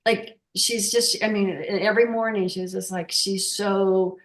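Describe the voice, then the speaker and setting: Halting, heartfelt woman in an echoey room. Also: medium pitch, fairly even intonation. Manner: emotional, halting, many restarts. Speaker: workshop participant sharing a story. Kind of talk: casual testimonial. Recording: roomy echo.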